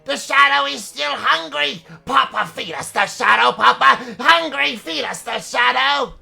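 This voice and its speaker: Maniacal hungry monster head. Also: male voice, extremely high pitch, measured pace, vocal fry, pushed and bright, voice pushed up, heavily acted. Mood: ravenous. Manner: frantic, shrieking repeated demands. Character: maniacal mutated second owl head, ravenous.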